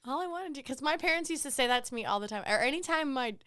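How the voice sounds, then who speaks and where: A woman bartender co-hosting a casual podcast, chatty and quick to laugh, often going off on tangents. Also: high voice, expressive, fairly bright tone, dry recording, studio quality. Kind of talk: casual chat.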